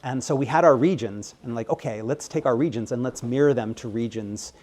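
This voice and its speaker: An American man talking through interview answers at an ordinary pitch. He rambles along with plenty of ums and likes, and keeps his delivery lively. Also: brisk. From United States. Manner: rambling, filler-heavy, animated. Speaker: game localization director.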